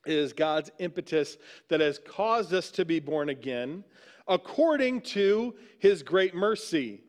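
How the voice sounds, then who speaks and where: High-voiced man preaching conversationally. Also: lively intonation, unhurried. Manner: conversational preaching, frequent "right?" asides. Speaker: pastor. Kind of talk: sermon. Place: church sanctuary.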